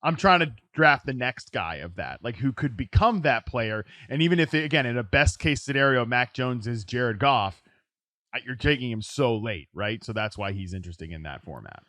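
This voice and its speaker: A man hosting a casual sports podcast, talking in quick bursts with frequent restarts and "right?" tags. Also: mid-range voice, lively intonation, pushed and bright, dry recording. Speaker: podcast host. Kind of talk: casual fantasy football chat.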